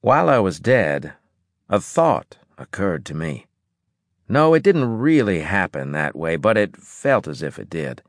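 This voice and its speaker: A man narrating a first-person audiobook chapter in a dry, measured way. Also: low-pitched, very animated, no room sound.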